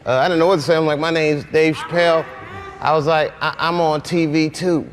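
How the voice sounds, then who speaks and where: Laughing, animated male comedian storyteller. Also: on the high side, fairly quick, faint music behind. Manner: laughing, animated storyteller who breaks into quoted dialogue. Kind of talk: stand-up and talk-show storytelling. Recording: noisy compilation clip.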